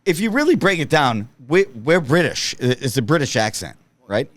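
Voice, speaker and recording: A man's voice: fairly high pitch, very animated, moderate pace, fairly bright tone. A man co-hosting a podcast, cursing freely and insisting on a rambling point. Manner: swears a lot, rambling and insistent. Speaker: podcast co-host. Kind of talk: casual podcast chat.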